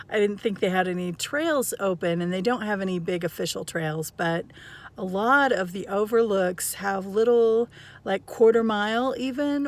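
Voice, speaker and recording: Chatty woman vlogging on a hike. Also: mid-range voice. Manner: chatty, rambling, upbeat, laughs easily. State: a little out of breath from hiking. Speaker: travel vlogger. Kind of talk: casual chat to camera. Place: outdoors on a rocky canyon rim. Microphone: handheld camera held by herself.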